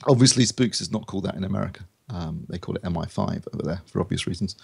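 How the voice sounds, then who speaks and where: A man with a low, gravelly voice and a husky edge talks quickly. He rambles through a casual podcast film review, full of ums and restarts. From United Kingdom.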